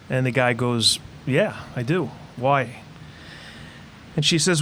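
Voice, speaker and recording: A man, a priest, giving a homily in a church, talking in a halting way with many fillers and restarts. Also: mid-range voice, fairly bright tone, slight background noise. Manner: self-mocking after a failed joke. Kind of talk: homily opening with a joke.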